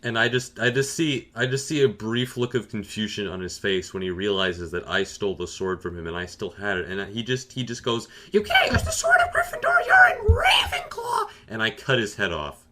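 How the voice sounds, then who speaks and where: A man narrating a comedic story in a deadpan, sarcastic, boastful way. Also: lowish voice, a little fast, hardly any pauses. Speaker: gaming storyteller.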